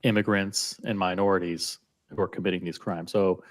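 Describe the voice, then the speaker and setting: A low-pitched man speaking in a measured, wry way as a co-host. His delivery stays calm and even. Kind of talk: casual panel chat.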